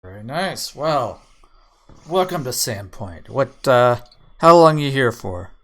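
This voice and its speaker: A man's voice: mid-range voice, animated, takes it slowly, voice pushed up. A man voicing a brash, flirtatious male half-orc townsman in a tabletop game, speaking in a pushy, overly friendly way. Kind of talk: tabletop role-play voice.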